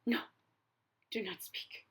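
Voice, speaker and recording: A woman voicing a fretful, dramatic young elephant who keeps stammering and sneezing, in a storybook reading. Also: lightly acted. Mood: worried, dramatic. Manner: slow, halting, prone to sneezing fits. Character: anxious elephant boy, dramatic and worried.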